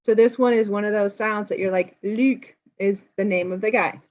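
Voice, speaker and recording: A woman with an American accent retells a film for English learners, explaining as she goes. Her voice sits at a middle pitch and comes through a little dull and lo-fi. She talks in a casual, lively way. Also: normal speed. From United States. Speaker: English teacher, host.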